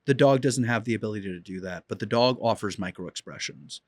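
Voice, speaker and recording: A man's voice: on the low side, fast, no room sound, clean studio sound. A man teaching as a dog trainer in an instructional video, talking emphatically and repeating key points.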